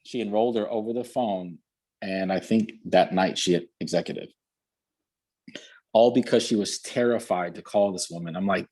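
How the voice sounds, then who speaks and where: A man giving an energetic motivational talk over a video call, driving his points home through repetition. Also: low-pitched, moderate pace. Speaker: guest speaker.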